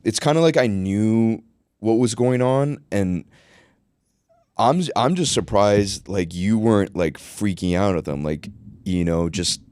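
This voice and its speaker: A man's voice: lowish voice, a little slow, darkish tone, clear, resonant tone, no echo, studio quality. A man hosting a podcast, talking bluntly and casually, swearing freely and saying "like" and "dude" a lot. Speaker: podcast host. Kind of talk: casual conversational interview.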